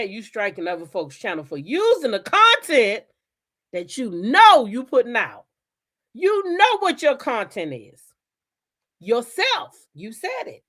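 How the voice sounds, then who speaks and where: A woman hosting her own channel, telling stories in a blunt, profane, animated style. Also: on the high side, slow, pauses often. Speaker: channel host. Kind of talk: casual commentary chat.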